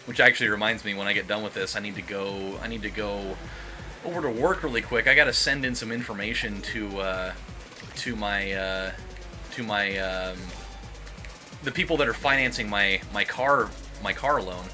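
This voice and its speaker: A man casually rambling as he comments on a racing game, excitable during close moments. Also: on the low side, normal speed, soft background music. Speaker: let's play host. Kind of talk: gameplay commentary.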